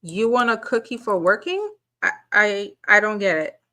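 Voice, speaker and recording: A woman's voice: medium pitch, big pitch swings, moderate pace, sharp tone. A woman channel host giving reaction commentary, firing off incredulous rhetorical questions and repeating words as she gathers her point.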